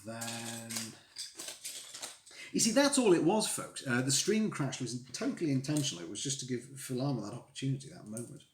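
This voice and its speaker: A man's voice: medium pitch, sing-song, normal speed. A man chatting casually on a live stream while building Lego, rambling and poking fun at himself. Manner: rambling, self-mocking, chatty with viewers. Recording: echoey room with faint noise.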